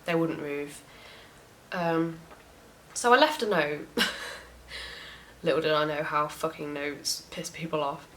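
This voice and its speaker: A young woman telling a story in a casual rant, frank and animated, swearing often. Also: deep voice, takes it slowly, a little hiss or hum, low-quality recording. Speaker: vlogger.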